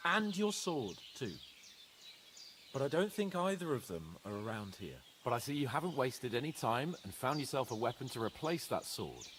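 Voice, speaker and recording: An actor playing a brash, lively young nobleman in a game, animated and shifting between solemn and scoffing. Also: mid-range voice, moderate pace, slight background noise. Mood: reassuring. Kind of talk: game voice acting.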